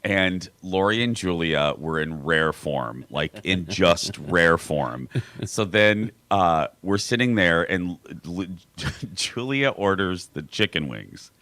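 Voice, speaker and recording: Male talk radio host, Minnesota accent, bright and dry-sounding, chatty storyteller. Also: low voice, slow, no echo. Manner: animated anecdote teller, laughing. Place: live broadcast studio.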